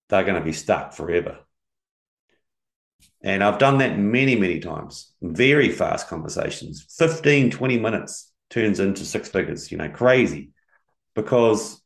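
A man's voice: low voice, echoey room. A man, a business coach, talking in a casual podcast conversation and acting out his talks with clients. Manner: animated storyteller who acts out client dialogues.

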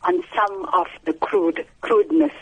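A woman calling in to a radio show, a parent who talks in a polite, earnest and measured way. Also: mid-range voice, huge pitch swings, crowd noise. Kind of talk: phone-in call. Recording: tinny phone line.

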